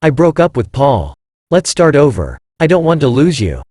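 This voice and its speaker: A man's voice: fairly high pitch, wildly swooping pitch, normal speed, a little mellow, no room sound, clean studio sound. A man voicing an upset wife in a read-aloud story, earnest and pleading. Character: upset wife defending her husband.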